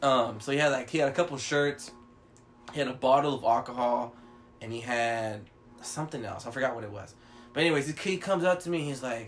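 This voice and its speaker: A man's voice: mid-range voice, brisk, slight background noise. A man telling a long story in casual chat, rambling and swearing, acting out what others said. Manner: rambling, profane, with many fillers and acted-out quotes.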